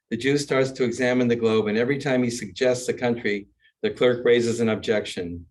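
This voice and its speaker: An older man teaching as a rabbi, chanting a warm-up and then telling jokes in a wry storyteller's way. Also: mid-range voice, moderate pace. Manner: wry storyteller, chuckles at his own jokes. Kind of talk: class talk with joke-telling and chanting.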